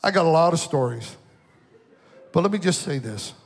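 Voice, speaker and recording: A man preaching a youth sermon, joking through personal stories and rising into shouted preaching before a live audience. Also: a little high, animated, normal speed, big-room sound. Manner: jokey storytelling, building to shouted preaching. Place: large hall with an audience.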